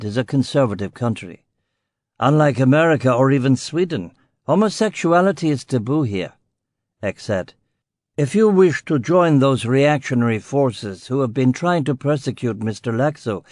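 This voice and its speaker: A man plays a wealthy old ex-soldier in an audiobook, dropping his voice low and keeping it quiet and measured. He sounds cool and guarded. The recording is dry and close. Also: big pitch swings, no room sound, natural voice. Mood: defiant.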